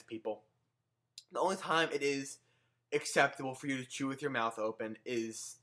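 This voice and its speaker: A young man ranting sarcastically into his own camera in a comedic vlog, animated and given to swearing. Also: mid-range voice, normal speed. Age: young adult. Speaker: vlogger.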